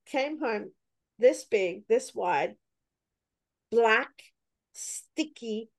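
Woman, podcast host, lively storyteller, fairly high voice. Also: very slow. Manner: animated, acts out her own past reactions with sudden high cries. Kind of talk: casual storytelling chat.

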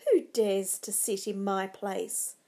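A woman's voice: fairly high pitch, animated, unhurried, warm tone. A woman reading a storybook, voicing a tormented, guilt-ridden male king who broods and then roars. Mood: roaring.

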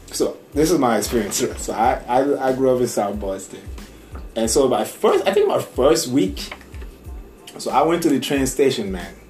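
A man from Nigeria with a Nigerian accent, telling stories in a rambling, animated casual chat and laughing often. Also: fairly low pitch. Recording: echoey room, faint music.

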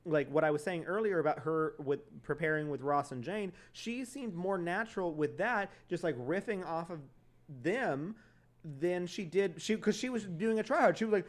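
A man's voice: sits high, normal speed. A man co-hosting a podcast, talking casually and animatedly about a TV show, swearing and acting out quotes. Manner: animated, swears, quotes others in exaggerated voices. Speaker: podcast co-host. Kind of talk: casual chat reviewing a TV show.

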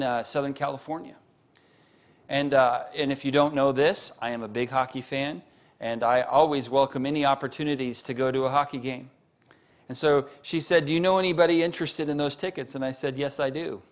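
Speaking at normal speed with a medium pitch and fairly even intonation, a man preaches as pastor. He tells the congregation stories, poses show-of-hands questions, and climbs to emphatic high points.

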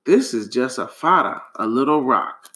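A man doing a kind, lively storybook chameleon. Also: mid-range voice, moderate pace. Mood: kindly. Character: kind helpful male chameleon, wise friend.

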